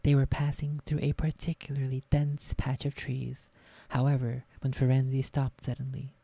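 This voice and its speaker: A woman's voice: extremely low pitch, flat delivery, normal speed, few pauses, warm tone, dry recording. A woman streamer reading a book aloud in a casual way, swearing at her own slips. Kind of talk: casual read-aloud narration.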